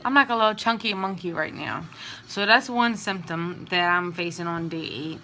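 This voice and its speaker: A young woman vlogging casually and candidly about her day, sounding drained and low on energy. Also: normal speed, sharp tone, a little hiss or hum. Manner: chatty, candid and emotional. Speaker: vlogger sharing IVF updates. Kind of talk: casual vlog.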